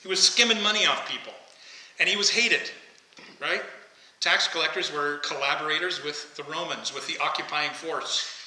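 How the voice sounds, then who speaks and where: A man's voice: a little high, moderate pace, pushed and bright. A man preaching a conversational sermon, often asking the congregation questions. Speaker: pastor. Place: church sanctuary. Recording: echoey church hall, faint ambience.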